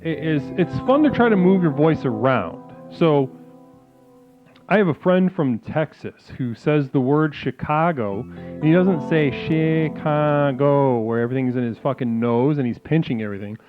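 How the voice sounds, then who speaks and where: A man's voice: fairly high pitch, lively intonation, normal speed. Man, comedy call-in host, rambling, profane, lots of restarts, phone-quality sound, music behind. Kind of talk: improvised comedy call-in stream.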